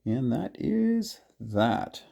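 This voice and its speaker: A man's voice: medium pitch, sing-song, drawn-out words, vocal fry, warm tone, highs cut off. A man casually narrating his turn in a board game, counting out his moves aloud as he plays.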